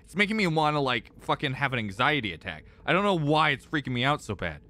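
A young man streams a game and talks his viewers through his rising frustration. His voice is bright and ringing, and his pitch swings widely. He swears freely, repeats phrases when stuck, and lurches between loud outbursts and low muttering. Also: big pitch swings, fast talker. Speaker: gaming streamer. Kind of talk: live gameplay commentary.

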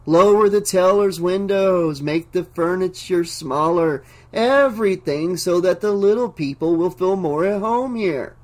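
A man voicing an entranced bank manager who talks slowly in a dreamy, sing-song way, reading an audiobook. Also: high-pitched. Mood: dreamy, grandiose. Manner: slow, sing-songy, dreamy.

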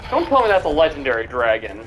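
A man's voice: a little high, wildly swooping pitch, fast talker. A young man giving casual, mocking commentary while playing a video game, often stammering and repeating himself. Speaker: gamer streamer. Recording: game music in background.

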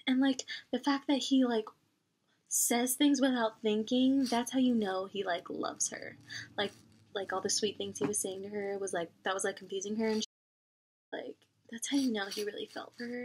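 A woman's voice: fairly high pitch, steady tone, normal speed, slightly rough. A young woman in casual book vlog chat, talking expressively with lots of fillers, recorded at home on a camera mic. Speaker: book vlogger.

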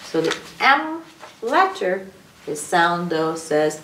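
A woman's voice: lowish voice, very animated, measured pace, slight background noise. A woman hosting a children's story time, teaching alphabet rhymes and drawing out each letter's sound. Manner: sing-song, stretches out letter sounds. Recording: echoey room, picked up from a distance.

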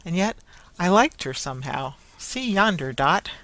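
A narrator playing a jovial, hearty carrier man who talks loudly and warmly. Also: animated, unhurried, low-quality recording. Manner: loud, hearty and booming.

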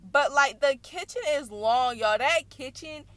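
A young woman hosting a reaction channel, recapping a video in animated, chatty storytelling. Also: high-pitched, unhurried, no room sound. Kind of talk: casual recap vlog.

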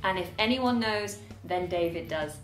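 A woman's voice: fairly low pitch, reverberant, soft background music. A British woman who hosts an English-learning channel, talking in a bubbly, chatty way. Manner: bubbly, chatty, quick to laugh. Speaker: English teacher and channel host. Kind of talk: playful mock presenting and outro.

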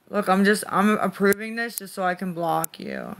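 A man's voice: high-pitched, very animated, a little slow, vocal fry, few pauses, a bit bright. A man live-streaming late at night, irritably snapping back at commenters and muttering repeated words. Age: adult parent. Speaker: livestreamer reading chat.

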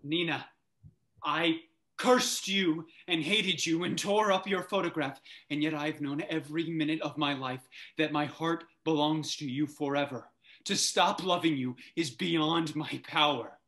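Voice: medium pitch, a bit bright, natural voice. Lovesick young male writer, played by a young actor. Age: young adult. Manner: impassioned, pleading. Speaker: student actor. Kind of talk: stage drama performed over video call. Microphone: video call microphone.

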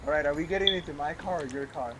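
A man's voice: on the high side, fast, noisy background. A man chatting casually while playing a game with friends, joking with playful comebacks. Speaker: gaming co-player. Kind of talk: casual gaming chat.

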